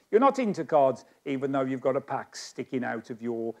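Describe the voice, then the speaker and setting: A man's voice: mid-range voice, expressive, a little fast, gravelly, hardly any pauses, a little mellow. A man performing live stage magic, chatting with volunteers in a self-mocking, joking way. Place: stage of a magic society hall.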